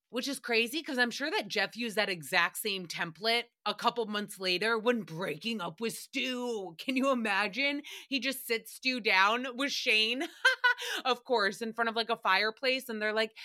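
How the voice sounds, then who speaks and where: Sassy lady podcast host ranting through a recap, kinda high voice, super bright and sharp, swears a lot. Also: moderate pace. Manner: animated, sarcastic, swears freely. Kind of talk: casual recap chat.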